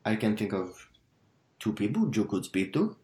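A man voicing a polite, fussy male butcher shopkeeper with a put-on foreign accent, speaking haltingly with many fillers, in a roomy space. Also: fairly low pitch, sing-song, mellow, slight background noise. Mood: hesitant. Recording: roomy echo.

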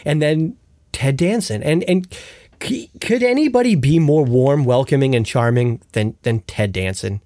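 Lively podcast host man, dry close sound. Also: mid-range voice, measured pace, dry recording. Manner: animated, laughs while recounting scenes. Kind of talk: casual chat about a TV show.

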